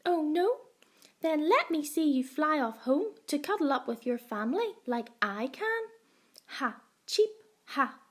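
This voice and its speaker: A woman's voice: sits high, sing-song, a little slow, pitched above the performer's own voice. A woman voicing a small boastful bird who cheeps and mocks in a storybook reading. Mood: mocking. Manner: cheeping, mocking.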